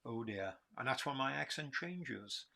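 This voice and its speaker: A man's voice: lowish voice, normal speed, a bit bright. Geordie bloke in his 50s chatting away on a live q&a, rambly, laughs a lot. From Newcastle, England. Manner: rambling, self-mocking, laughs often. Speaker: livestream host answering questions. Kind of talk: casual rambling chat.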